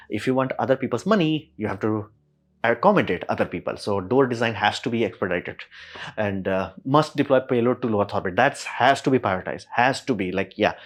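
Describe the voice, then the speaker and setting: A man giving a casual, slangy spoken explanation as a video host, animated and quick to act out reactions. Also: medium pitch. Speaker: YouTube tech explainer.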